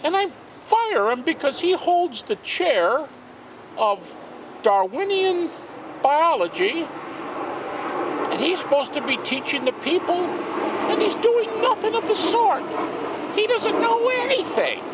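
A man putting on the voice of an indignant elderly male philosopher, ranting in a high, drawn-out way. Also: big pitch swings, very noisy, full character voice. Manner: outraged, shrill, drawn-out emphatic delivery. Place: outdoor garden party.

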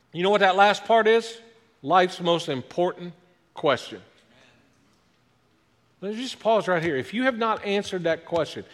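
A man preaching a sermon as a guest pastor, lively, with joking asides about himself. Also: high voice. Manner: self-deprecating joking asides, animated delivery. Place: church sanctuary. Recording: long hall reverb.

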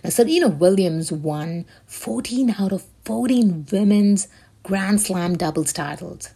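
A woman's voice: medium pitch, expressive, unhurried, gravelly, dark tone, husky. A woman hosting her own show, talking in a rambling, emphatic way with plenty of swearing. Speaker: show host. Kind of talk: casual solo commentary.

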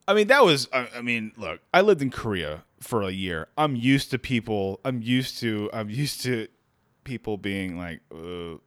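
A man's voice: lowish voice, measured pace, dry recording. A man telling a story in casual chat from a makeshift home studio. He laughs often, restarts his sentences and jumps into quoted voices. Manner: animated, laughs a lot, many restarts.

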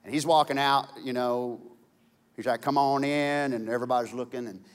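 A man preaching a sermon as a pastor, conversational, stumbling over repeated words and building to loud emphasis. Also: medium pitch, steady tone, brisk. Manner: conversational, repeats words when searching, jokes and laughs, climbs to shouting. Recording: long hall reverb.

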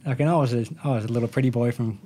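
A man's voice: mid-range voice, steady tone, very fast, warm tone. Rambling Australian man spinning a yarn. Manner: rambling, self-correcting anecdote with slang. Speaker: guest, motorcycle racer. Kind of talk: casual storytelling.

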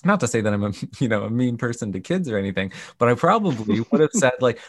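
A man, a camp organization's CEO, telling animated stories in a podcast interview and acting out the people in them. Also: medium pitch, quick pace, hardly any pauses, no echo. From Canada. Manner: animated retelling with quoted voices.

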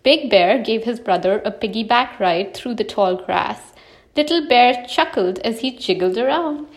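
A woman reading a children's picture book aloud with expressive, animated delivery. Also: on the high side, moderate pace. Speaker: storyteller. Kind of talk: storybook read-aloud.

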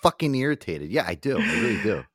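Brief: male host, casual and profane, very expressive delivery, dry close mic. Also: on the low side, quick pace, no room sound. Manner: animated, swears a lot, laughs often. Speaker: podcast host.

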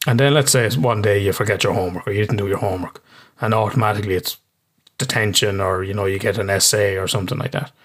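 Brief: Irish male therapist guest, low-pitched, relaxed and plain-spoken with casual swearing. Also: fast. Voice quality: casual, swears freely, frequent restarts. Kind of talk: casual interview explanation.

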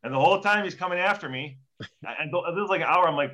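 A man's voice: fairly high pitch, fast. A man telling rowdy stories in casual chat as a guest, swearing freely and acting out quotes. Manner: profane, animated storytelling with acted-out quotes. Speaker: guest, former hockey player. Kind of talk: casual storytelling. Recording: dull lo-fi audio.

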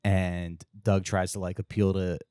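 A man's voice: deep voice, flat delivery, unhurried, dark tone, smooth, dry recording, clean studio sound. A man co-hosting a podcast, telling a story in a rambling way with lots of fillers and restarts. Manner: acts out character lines in raised voices. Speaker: podcast co-host. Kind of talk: casual chat.

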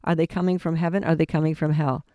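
An earnest man teaches from scripture in a relaxed, talky sermon, circling back and restarting phrases as he goes. His voice is clear and smooth, pitched a little high, with a close, dry sound. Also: fast, dry recording. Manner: earnest, conversational, frequent restarts. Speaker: preacher. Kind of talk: informal Bible teaching sermon.

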